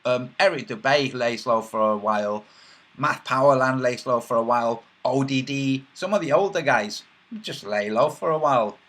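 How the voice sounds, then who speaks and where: A man's voice: mid-range voice, moderate pace, fairly bright tone. A man hosting a casual livestream, reading chat messages aloud in a rambling, mocking way with many filler sounds.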